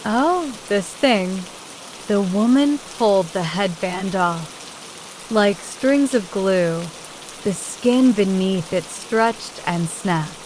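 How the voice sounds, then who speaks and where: A woman narrates a horror audiobook at an unhurried, deliberate pace. Her voice sits in an even middle register. Soft rain patters faintly in the background. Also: mid-range voice, slight background noise, poor audio. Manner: slow, measured reading with voiced quotes. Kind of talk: scripted horror story narration. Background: rain sound.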